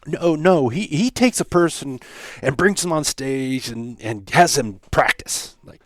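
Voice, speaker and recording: A middle-aged podcast host delivers a solo monologue, reflecting conversationally on lessons and acting out quoted examples. His slightly high voice is animated and unhurried, with a dry, clean studio recording.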